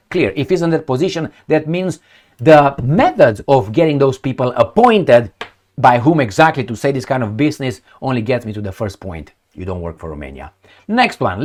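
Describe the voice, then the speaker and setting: Blunt, sarcastic man with a lively voice. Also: mid-range voice. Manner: rambling, with searching fillers. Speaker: political commentary host. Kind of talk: opinionated solo commentary.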